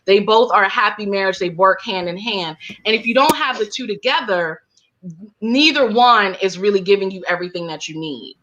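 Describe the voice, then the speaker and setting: A woman's voice: medium pitch, normal speed, noisy background. A woman guest on an interview, telling her story casually and packing her speech with fillers like "like" and "you know.". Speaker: guest, holistic healer and counselor. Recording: dull lo-fi sound.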